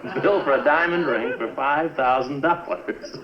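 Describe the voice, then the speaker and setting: An actor playing an exasperated, hard-working husband who sputters and explodes in double-takes in a 1950s sitcom. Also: male voice, medium pitch, normal speed, crowd noise, close to an everyday voice. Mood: jovial. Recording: roomy, dull 1950s TV soundtrack, audience.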